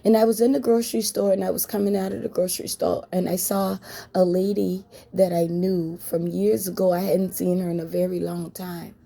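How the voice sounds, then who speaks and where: A woman's voice: lowish voice, level tone, brisk, vocal fry, dark tone. A woman telling a story to her viewers in a blunt, frank way, with swearing. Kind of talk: casual story time.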